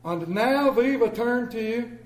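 A man playing a flustered old country pastor with a drawn-out, exasperated delivery from the pulpit. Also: very high voice, animated, reverberant, distant mic, voice pushed up, poor audio.

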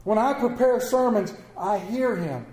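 High-voiced pastor preaching in an echoey church. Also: male voice, measured pace. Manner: animated, swinging from loud to hushed, humorous asides. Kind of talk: sermon.

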